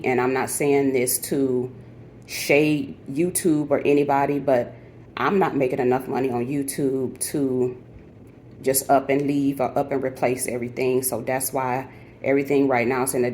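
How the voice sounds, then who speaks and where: Deep-voiced weary middle-aged woman vlogger. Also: a little mellow, slight background noise. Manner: earnest, heartfelt, talks directly to viewers. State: weary and frustrated. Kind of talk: candid personal vlog. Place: at home in her apartment.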